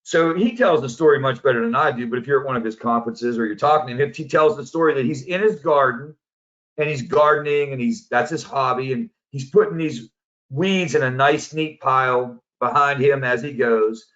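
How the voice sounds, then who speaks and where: A man who works as a positive psychology coach, giving a casual, animated storytelling presentation. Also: mid-range voice, brisk. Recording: dull lo-fi audio.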